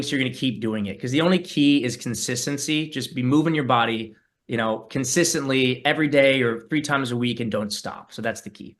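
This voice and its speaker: A man answering fan questions in a relaxed, thoughtful casual chat over a video call, with plenty of fillers. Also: mid-range voice. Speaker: guest musician meeting fans.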